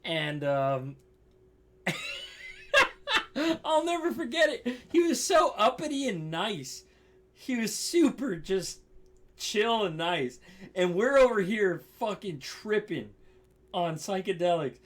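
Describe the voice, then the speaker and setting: A man's voice: high voice, very animated, slow, long pauses. A young man casually telling a story, laughing often, swearing and saying "like" a lot.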